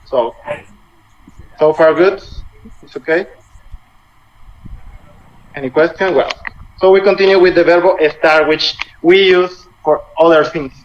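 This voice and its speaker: A man with a Latin American Spanish accent, teaching a language class online, explaining grammar slowly and patiently in simple English. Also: on the high side. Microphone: video call. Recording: muffled video-call audio with faint noise.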